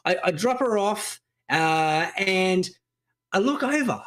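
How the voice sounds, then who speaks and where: A man, a podcast co-host and parent, telling animated stories in casual chat and swearing freely. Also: high-pitched, slow pace. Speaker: parent of a young child.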